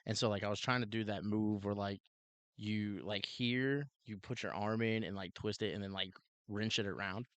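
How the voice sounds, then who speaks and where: A man co-hosting a podcast, telling a story in a casual, animated way, full of "like" and "dude" and acted-out quotes. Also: fairly low pitch, normal speed, dry recording, muffled recording. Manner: animated, heavy use of "like" and "dude", acts out quotes. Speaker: podcast co-host, police officer.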